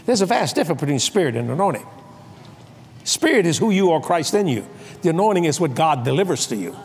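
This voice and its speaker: An older man preaching a sermon, telling comic stories and acting out voices with shouts and laughs. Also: on the high side, big pitch swings, quick pace, a little hiss or hum. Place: large convention hall.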